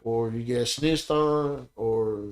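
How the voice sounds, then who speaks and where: This slow-talking man with an average-pitched voice is a guest on a laid-back podcast. Peppering his lively, foul-mouthed anecdotes with "you know what I'm saying," he keeps checking in with his listeners.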